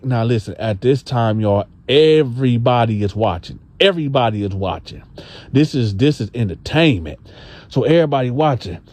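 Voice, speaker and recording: A man's voice: mid-range voice, lively intonation, normal speed, darkish tone. A man narrating a story casually, talking straight to the listeners and repeating himself. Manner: conversational, addresses listeners, repeats words.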